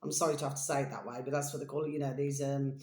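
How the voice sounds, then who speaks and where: A woman's voice: rumbling low, level tone, very fast, mellow. An English woman hosting her own channel, talking in a meandering, chatty monologue that keeps wandering off and coming back, with fond pet names for her listeners. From England. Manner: chatty, meandering, calls listeners "my delicious babies". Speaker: channel host. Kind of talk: rambling casual monologue. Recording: roomy echoey home room.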